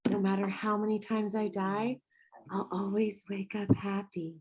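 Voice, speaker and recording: A woman reading a wistful young ghost girl, speaking softly in a script read-through. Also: medium pitch, little pitch movement, unhurried, a little hiss or hum, natural voice, rough recording. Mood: resigned.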